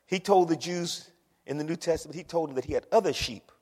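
A pastor preaching a sermon, dramatic, swinging from shouts to hushed words. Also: male voice, on the high side, fast talker, breathy edge. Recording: long hall reverb.

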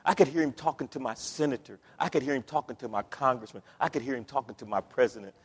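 A man preaching a sermon as pastor, swinging between hushed, near-tearful passages and loud shouted climaxes. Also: medium pitch, fast, slightly rough. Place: church sanctuary. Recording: long hall reverb.

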